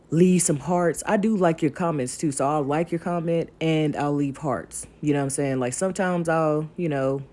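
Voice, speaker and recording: A woman's voice: deep voice, warm tone. A young adult woman hosting a crafting channel, rambling in a casual voiceover and talking straight to her viewers. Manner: rambling and talkative, addresses viewers directly.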